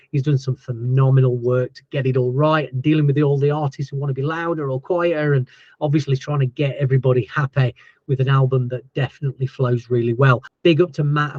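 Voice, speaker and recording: A man hosting a casual livestream chat as a label owner, chatty and thankful, his voice going hoarse. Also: medium pitch, a little mellow, no echo, lo-fi sound. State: losing his voice.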